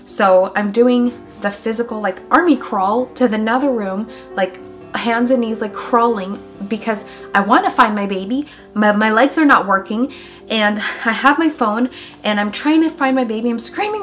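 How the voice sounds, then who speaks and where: Emotional young mom telling a story. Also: female voice, a little high, a bit bright, faint music behind. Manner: emotional, halting, many fillers. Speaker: mom vlogger. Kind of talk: personal vlog storytelling.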